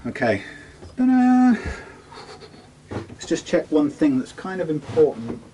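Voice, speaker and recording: A man's voice: a little high, animated, normal speed, mellow, lo-fi sound, slight background noise. A man chatting casually to himself as he sets up a guitar, often trailing off mid-sentence. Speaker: guitar technician vlogger. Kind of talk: casual talk while working. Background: guitar being played and tuned.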